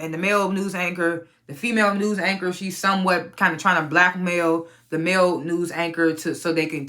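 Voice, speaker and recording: A woman casually recapping a TV episode, profane and animated, often laughing and acting out the characters' lines. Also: lowish voice. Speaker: TV recap reviewer.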